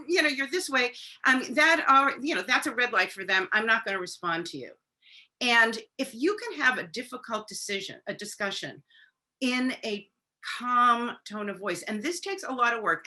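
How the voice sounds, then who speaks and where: Bright-voiced woman giving parenting advice. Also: a little high. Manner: conversational, acts out parent-child dialogue; frequent fillers. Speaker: parenting expert on a webinar panel. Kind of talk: advice talk on a webinar. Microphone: video call.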